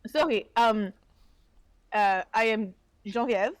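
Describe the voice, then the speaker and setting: A woman's voice: on the high side, slow pace, dry recording. A woman playing a tabletop role-playing game, speaking in character in a chatty, frank way. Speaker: player.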